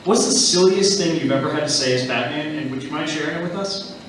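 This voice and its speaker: A man's voice: fairly high pitch, quick pace, a bit bright, slight background noise. A man moderating a convention panel, stumbling a little while he asks the guest a question. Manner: hesitant, lots of fillers while framing a question. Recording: echoey hall, mic heard from far off.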